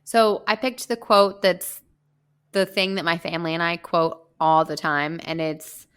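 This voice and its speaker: A woman co-hosting a casual movie podcast, retelling scenes in an animated way and laughing easily. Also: fairly low pitch, unhurried, clear, resonant tone. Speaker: podcast co-host.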